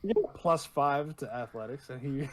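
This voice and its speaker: A man's voice: mid-range voice, expressive, moderate pace, a crowd in the background. A man playing a tabletop game, dry and teasing toward the other players. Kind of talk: casual tabletop game chat.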